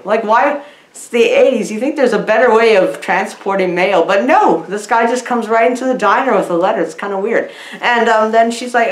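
A woman rambles through a goofy movie review in a playful, giggly, scatterbrained way. Her voice sits fairly high and swoops up and down with lots of bounce. The sound is roomy, with noticeable echo. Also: animated, moderate pace. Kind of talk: silly comedic review vlog.

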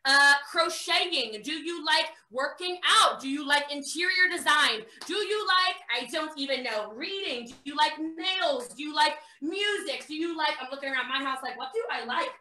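A high-pitched, very bright American woman in her thirties, talking fast and bossy as she coaches her viewers through a live training. She jokes as she goes. Her voice rings around a roomy space. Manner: fast, energetic, bossy, joking. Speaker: network marketing trainer. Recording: roomy echo.

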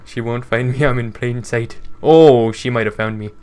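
A man's voice: mid-range voice, normal speed, a little mellow. A man hosting casual gameplay commentary, laughing, swearing and joking in a mock-polite way with lots of "sorry, eh, bud.". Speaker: gaming channel host.

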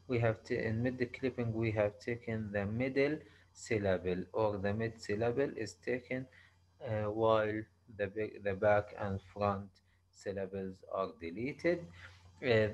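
A male university lecturer with an Arabic accent, explaining slowly in a halting way, often restarting and repeating himself. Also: on the low side, rough recording. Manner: slow, halting explanation with frequent restarts and repetitions. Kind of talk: recorded online lecture.

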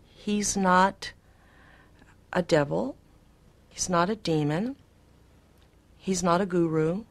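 A woman's voice: on the low side, slow. A woman in an archival interview, earnestly recounting a personal experience.

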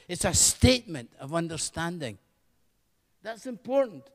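Man, pastor, sermon, high pitched, fervent, long church reverb. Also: unhurried. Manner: fervent, repeats hallelujah.

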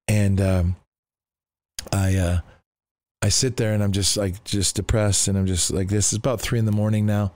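Pastor, male, animated storyteller; smooth, resonant, close and dry. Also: fairly low pitch, normal speed, no echo. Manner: animated, acts out voices, many restarts. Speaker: pastor telling his testimony as a guest. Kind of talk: storytelling testimony.

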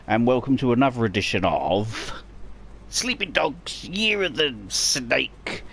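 A man with a Cockney accent from the East End of London, hosting casual let's-play commentary, swearing heavily and bursting out excitedly at the game. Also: mid-range voice, unhurried, gravelly, faint music behind. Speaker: gaming channel host.

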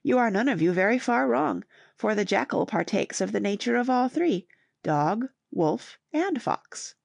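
A woman reading the lines of an earnest, fatherly shipwrecked man in a storybook reading, measured and steady. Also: a little high, vocal fry, dry recording, full character voice. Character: middle-aged father of a shipwrecked family, earnest.

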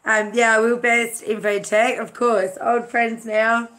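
A woman's voice: on the high side, little pitch movement, slow pace, a bit bright. A woman from Australia hosting a casual live-stream chat, chatty, greeting viewers by name with many fillers.

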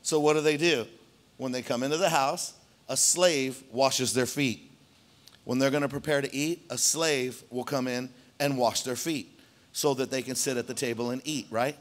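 A man preaching a sermon in a church, conversational and animated, often checking in with the congregation. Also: medium pitch, moderate pace. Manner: conversational, animated, frequent "right?" asides. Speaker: pastor.

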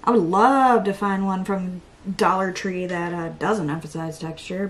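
A woman's voice: lowish voice, steady tone, unhurried, low-quality recording. A young woman chatting through a makeup tutorial, self-deprecating and talking to herself, now and then dropping to a whisper. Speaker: beauty vlogger. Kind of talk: casual makeup tutorial chat.

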